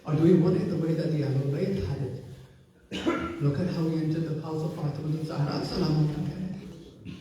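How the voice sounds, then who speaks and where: A man's voice: fairly high pitch, steady tone, normal speed, mellow, dull audio, slight background noise. A man giving a religious sermon as a majlis speaker, telling the story solemnly and with passion, and at times chanting. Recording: echoey hall, distant mic.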